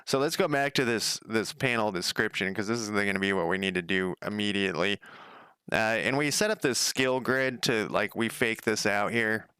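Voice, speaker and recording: A man's voice: lowish voice, moderate pace, sharp tone, smooth, dry recording, studio quality. A man coding a game on a casual livestream, thinking aloud, rambling, swearing casually and chatting with viewers.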